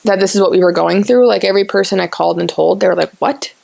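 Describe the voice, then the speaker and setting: A woman's voice: medium pitch, steady tone, racing, vocal fry, a little mellow. A woman in her twenties hosting a podcast, telling a story at length in casual chat. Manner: talkative, rambling storyteller. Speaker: podcast host.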